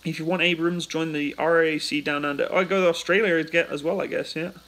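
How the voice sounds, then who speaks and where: A British man from the United Kingdom hosts a casual livestream, reading viewer questions aloud and answering them chattily into a phone. His voice is a little high, a bit bright, and fairly even, and he talks fast. The audio is poor.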